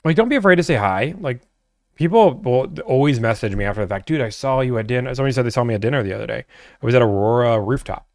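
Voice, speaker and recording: A young man chats casually on a livestream, answering viewers' questions one after another. His voice sits at an ordinary middle pitch, and the sound is dry and close with no room echo. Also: lively intonation, fast talker. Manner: laid-back, chatty, answers chat questions. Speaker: livestream host answering chat.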